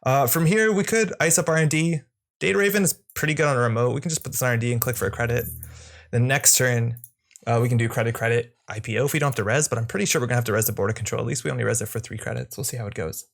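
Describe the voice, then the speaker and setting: A man's voice: mid-range voice, racing, gravelly. A young man hosting his channel, casually thinking aloud as he plays an online card game, often correcting himself, speaking into a desk microphone at home. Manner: casual, musing, self-correcting. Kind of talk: thinking-aloud gameplay commentary.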